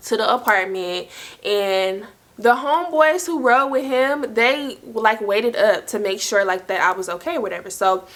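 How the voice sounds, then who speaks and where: In a medium-pitched voice at normal speed, a young adult from South Carolina relates a personal story to her viewers. Her delivery is casual and animated, loaded with slang and the fillers "like" and "y'all."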